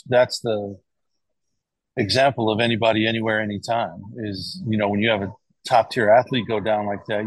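Husky low-voiced man rambling in conversation. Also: no echo, poor audio. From United States. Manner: rambling, restarts often, frequent "right?". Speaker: guest, cardiac arrest survivor. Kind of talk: casual interview talk.

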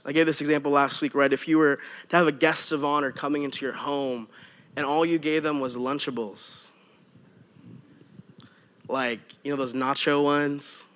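High-voiced male pastor preaching casually. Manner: animated, conversational preaching with asides. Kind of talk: sermon.

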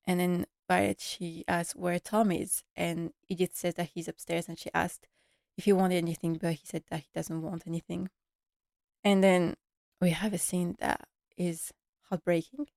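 A woman podcast host recapping a sad episode while tearful, speaking in an emotional, halting way. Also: on the low side, little pitch movement, creaky, darkish tone, dry recording, clean studio sound.

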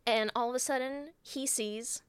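A woman's voice: a little high, fairly even intonation, moderate pace, clean tone, no echo, clean studio sound. A woman co-hosting a casual podcast, retelling a film in a rambling, sweary way and laughing often. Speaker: podcast co-host.

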